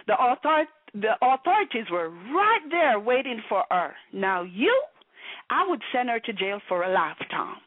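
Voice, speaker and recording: A woman with a husky, slightly high voice lectures her viewers in a blunt, profane rant. Her pitch leaps around with lively emphasis as she hammers each point home. The sound is dry and tinny, as if coming through a phone. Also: no echo. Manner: lecturing and emphatic, with blunt swearing and repeated appeals of "you know". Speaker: vlogger. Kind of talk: preachy, profane monologue to camera.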